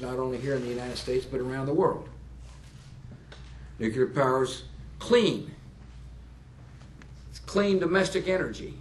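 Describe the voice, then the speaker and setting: A man in his sixties giving a public speech to plant workers, folksy and halting, with fillers and joking asides. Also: medium pitch, a little hiss or hum. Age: 60s. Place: nuclear power plant, indoors.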